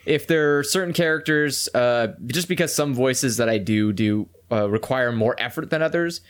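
A man's voice: medium pitch, moderate pace. A man who voices game characters, chatting casually and laughing often. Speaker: game voice performer. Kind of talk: casual podcast chat.

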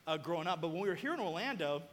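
High-voiced animated man preaching in a reverberant hall. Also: racing. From southern United States. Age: young adult. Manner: animated storytelling, bursts of shouting. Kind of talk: sermon.

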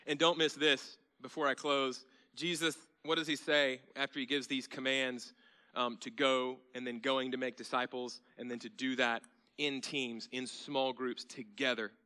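A man pastor preaching a sermon in a church, conversational and then emphatic, sometimes dropping to a soft hush. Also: medium pitch, flat delivery, normal speed.

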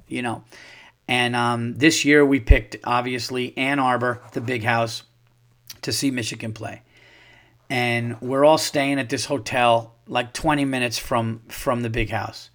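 Profane, animated man telling stories. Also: a little high. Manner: profane, animated storyteller acting out his own quotes. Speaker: podcast host. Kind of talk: casual storytelling monologue.

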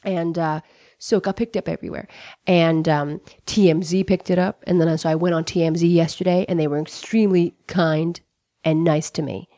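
A middle-aged American comedian guest tells a personal story, candid and profane, peppered with "like" and "you know." Her voice sits lowish and mellow, with fairly even intonation and a moderate pace. The studio-quality recording has no room sound.

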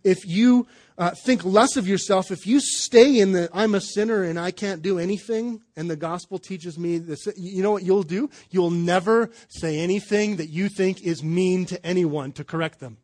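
A man's voice: high voice, moderate pace, a little mellow. A man preaching a sermon at a church service in a loose, conversational way, with jokes and restarts. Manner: conversational, joking, with fillers and restarts. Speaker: pastor.

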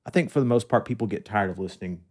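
A man's voice: on the low side, very fast, a loud crowd. A man hosting his podcast in casual chat, joking with a dry, sarcastic tone into a studio microphone. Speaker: podcast host.

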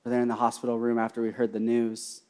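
A young man preaching a sermon, repeating key phrases and swinging from hushed personal storytelling to loud, fervent cries. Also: mid-range voice, monotone, fast, clean tone. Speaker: pastor.

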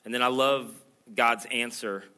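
A pastor delivering a sermon, preaching in an earnest, emphatic way that swells louder and higher as he presses his points. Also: steady tone, unhurried, clear, resonant tone.

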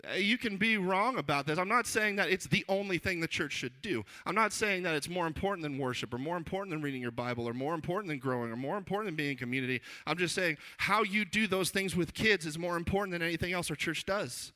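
A man's voice: fairly high pitch, quick pace, hardly any pauses. A man in his thirties, a children's pastor, giving a conversational sermon full of funny stories and acted-out voices. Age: 30s. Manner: animated, jokey, acts out quoted voices.

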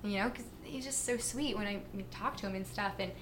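A woman guest on a podcast, chatting casually as a fitness and nutrition coach. She tells stories in an animated way, full of fillers and acted-out quotes. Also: mid-range voice, brisk, background noise. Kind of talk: casual interview chat.

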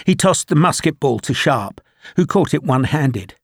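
Audiobook narrator, male, husky mid-pitched read, measured delivery, dry studio sound. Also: dry recording. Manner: measured, even storytelling.

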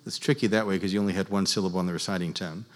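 A man teaching church music to a class, explaining in an unhurried, halting way with many fillers. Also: low-pitched, steady tone. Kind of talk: class lecture leading group chant. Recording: long reverb in a large hall.

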